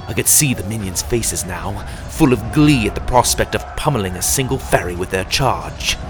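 A man narrating a fantasy storybook in the first person with a dramatic, animated reading. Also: lowish voice.

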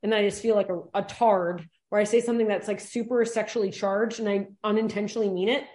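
A woman police officer chatting on a podcast. She talks bluntly and swears freely in loose, animated banter. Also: mid-range voice, fast. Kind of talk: casual banter.

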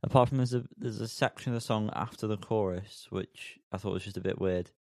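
Joking podcast host, low voice. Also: male voice, fairly quick, darkish tone, no echo, clean studio sound. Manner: joking, teasing, wraps up the show. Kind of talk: casual chat.

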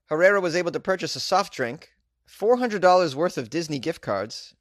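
A man's voice: on the high side, lively intonation, a little fast, no room sound, studio quality. A man doing a casual comedic monologue, sarcastic and mocking as he reads and riffs on news items. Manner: sarcastic, mocking, chuckling asides. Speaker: comedic commentator.

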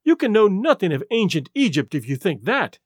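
A man voicing a scoffing English gentleman. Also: high-pitched, big pitch swings, fairly quick, husky, no room sound, clean studio sound, exaggerated voice. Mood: incredulous. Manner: indignant, scoffing. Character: incredulous male English gentleman. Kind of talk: audiobook character voice.

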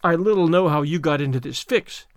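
A sharp, stern older woman who scolds briskly, put on by a man reading aloud. Her voice lifts higher and louder than the reader's own, with a dry, close sound. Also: no room sound, natural voice. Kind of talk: audiobook character reading.

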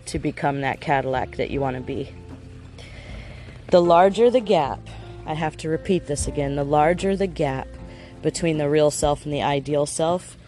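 A man's voice: fairly high pitch, a little mellow. A man giving a casual self-help lesson in an earnest way, asking his listeners rhetorical questions.

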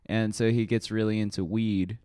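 A man's voice: fairly low pitch, little pitch movement, warm tone, clear, resonant tone, no room sound, studio quality. A man co-hosting a casual chat, rambling and laughing as he retells scenes. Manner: rambling, laughing, quick retellings with put-on quotes.

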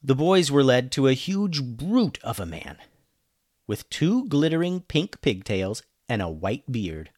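Man, storyteller, animated reading, lively pitch, dry close sound. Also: measured pace, no echo. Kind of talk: storybook narration.

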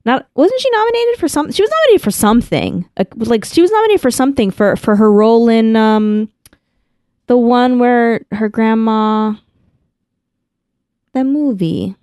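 A podcast co-host with a highish, sing-song voice that's darkish and smooth speaks at a moderate pace. She chats casually, telling a rambling story packed with "like" and frequent restarts. The studio-quality audio has no echo.

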